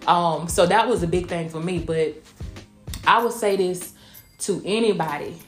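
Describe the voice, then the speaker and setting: A woman's voice: fairly low pitch, unhurried. Podcast host, woman, rural Southwest Georgia accent, folksy and emphatic, roomy echo with faint music under her. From Blakely, Georgia, US. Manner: folksy, emphatic, calls listeners honey and y'all. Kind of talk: casual motivational podcast chat, also streamed live.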